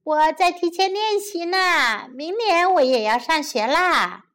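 A bossy little girl who copies her big brother, played by a woman reading a children's storybook. Her voice rides high and bright with lively leaps in pitch. She sounds insistent and excited. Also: a little slow, full character voice. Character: little girl, bossy copycat younger sister.

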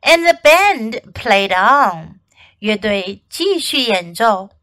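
Lady from china reading a kids story, high and bouncy, super slow, dry close mic. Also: sing-song, fairly bright tone, dry recording. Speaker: children's English teacher and host.

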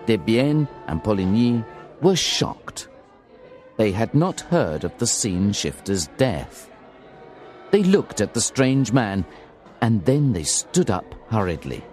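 Slow, expressive male storyteller. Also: mid-range voice. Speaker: narrator. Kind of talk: audiobook reading of a graded reader.

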